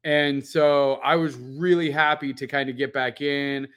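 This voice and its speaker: A man co-hosting a podcast in casual chat, telling a long animated story full of "like" and casual swearing. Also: mid-range voice, a little slow. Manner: animated, rambling storyteller with lots of "like". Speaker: podcast co-host.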